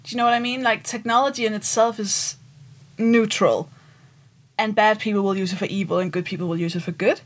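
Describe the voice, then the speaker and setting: A woman co-hosting a podcast in easy, casual chat. She jokes around and works through her ideas out loud, often trailing off and restarting. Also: medium pitch, steady tone, a little fast. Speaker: podcast co-host.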